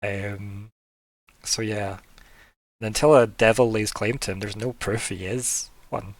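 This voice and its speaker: A man narrating as game master in a casual, relaxed way, laughing often and filling his talk with "like". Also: lowish voice, a little slow, no echo.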